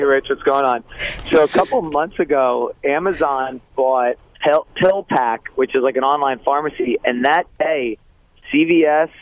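A male caller to a talk radio show, speaking in a casual, musing way with some halting restarts. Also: mid-range voice, dry recording. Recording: dull phone line.

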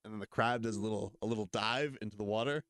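A man's voice: lowish voice, fast talker, noisy background. A man cohosting a casual sports talk show, rambling and repeating himself as he tells a goofy story. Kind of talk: casual banter.

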